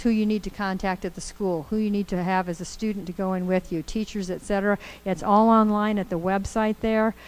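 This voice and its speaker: A woman's voice: mid-range voice, clean tone, poor audio. A woman trainer giving a conversational, upbeat lecture to a group in a meeting room. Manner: conversational, upbeat, storytelling with acted quotes. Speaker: course trainer.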